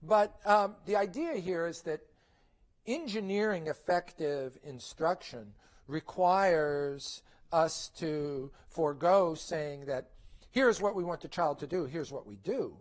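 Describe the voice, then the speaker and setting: A man's voice: a little high, animated, slow. A middle-aged man presenting at a conference, lecturing parents in a conversational way, often asking rhetorical questions and checking in with "okay?".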